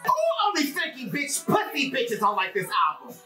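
A man giving loud, sassy, profane reaction commentary on music. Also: very high voice, big pitch swings, normal speed, recorded from a distance. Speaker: pop culture commentator. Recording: echoey room, off-mic, faint music.

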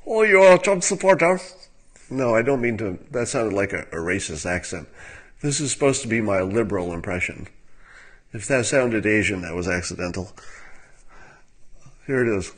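Male commentator, low-pitched, dry musing delivery, casual webcam talk. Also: normal speed, pauses often, slightly rough. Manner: wry and musing, with filler words and soft laughs.

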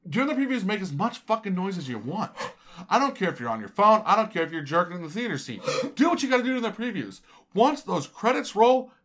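A man co-hosting a casual podcast, ranting in an animated way with lots of swearing and acted-out quotes. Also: high-pitched, fast talker, a little hiss or hum. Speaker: podcast co-host.

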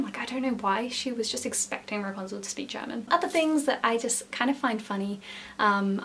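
A young woman chatting casually in a storytelling vlog, with many "like" fillers and lively emphasis. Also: mid-range voice, slight background noise. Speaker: former theme park character performer.

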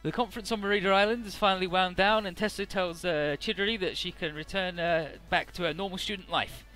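A man's voice: sits high, steady tone, fast, pushed and bright, faint music behind. A man casually recapping a game's story, chatty, with many filler words and the odd swear. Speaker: let's play narrator.

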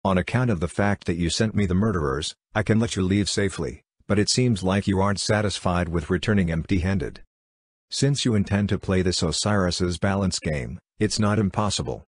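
Man voicing a scheming demon lord, calm, very low, husky, dry close sound, audiobook. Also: a little fast, no room sound. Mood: composed. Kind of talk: audiobook character reading.

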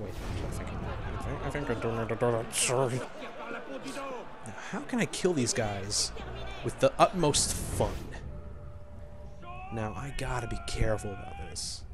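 A young man doing let's play commentary, joking, laughing often and making crude asides as he plays. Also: medium pitch. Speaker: gameplay commentator. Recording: background noise.

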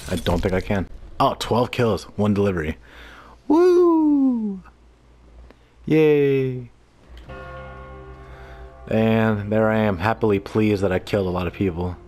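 A man giving casual, excitable commentary while playing an online western game, swearing freely and joking at himself. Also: fairly low pitch, a little fast, a little hiss or hum. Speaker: gameplay streamer.

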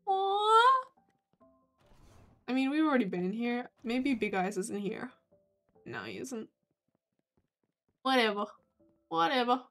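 A young woman streaming a game, talking casually and swearing freely, with loud outbursts at enemies. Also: fairly high pitch, sing-song, slow pace, pauses often. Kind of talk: casual gameplay commentary. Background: faint game music.

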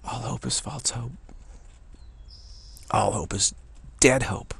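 A man's voice: mid-range voice, fairly even intonation, slow, gravelly, fairly bright tone, slightly rough. A man giving a casual spiritual talk, rambling, chuckling and repeating phrases. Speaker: spiritual teacher.

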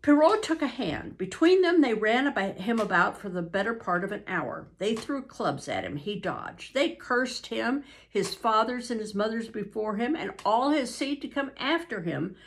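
Older woman, grandma reading a book aloud, unhurried, ums and restarts, lively up-and-down pitch.

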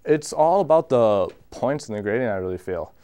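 A man's voice: mid-range voice, lively intonation, moderate pace, mellow, clear, resonant tone. A man being interviewed, speaking frankly and with strong opinions.

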